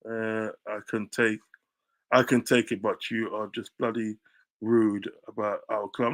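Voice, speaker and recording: A man streaming live as a football fan, ranting in a heated, combative way, repeating phrases and swinging into loud shouts. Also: lowish voice, flat delivery, a little slow.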